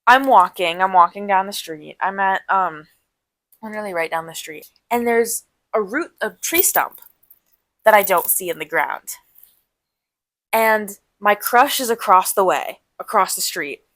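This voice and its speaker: A nineteen-year-old woman co-hosting a casual podcast, spinning a long anecdote with quick asides and sudden swings in energy. Her voice sits mid-range and is recorded close and dry, with almost no room sound. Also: mid-range voice, no echo. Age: young adult. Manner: animated, rambling with quick asides. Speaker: podcast co-host. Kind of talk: casual storytelling chat.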